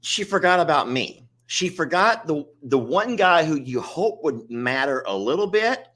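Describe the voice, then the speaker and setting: A man's voice: a little high, very animated, unhurried, pushed and bright. A man, co-hosting a casual chat and rambling in a self-mocking, chatty way. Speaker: co-host of an animal sanctuary channel.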